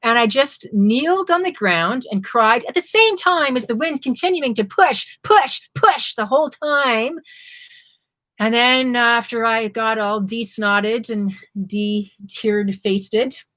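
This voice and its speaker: A woman's voice: fairly high pitch, slow pace. A woman from Canada, co-hosting a live stream and vividly recounting a motorcycle trip in a casual chat. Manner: vivid, expressive storyteller. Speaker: co-host, motorcycle traveller. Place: home during quarantine.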